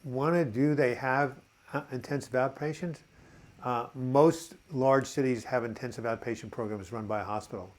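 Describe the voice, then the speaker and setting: A man in his seventies hosting a live chat, reading viewer comments aloud and answering them in a halting, encouraging way. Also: medium pitch. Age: 70s. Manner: halting, frequent uh and repeated words.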